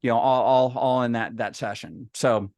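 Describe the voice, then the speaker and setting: A man's voice: medium pitch, normal speed, a little mellow, dry recording, studio quality. Middle-aged man telling a folksy story. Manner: folksy storyteller who acts out the dialogue, with frequent restarts. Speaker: speaker at a professional meeting. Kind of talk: personal anecdote told to a group.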